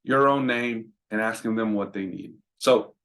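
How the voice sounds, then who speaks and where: This roadside business trainer has a fairly low, fairly bright voice and a measured pace. He casually teaches how to answer business calls, talking conversationally, repeating himself, and asking "right?" again and again.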